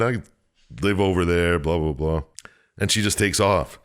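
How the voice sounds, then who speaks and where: Deep-voiced man recapping a game, laughing. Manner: laughs often, retells with quick silly voices. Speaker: podcast co-host recapping a game. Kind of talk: casual chat.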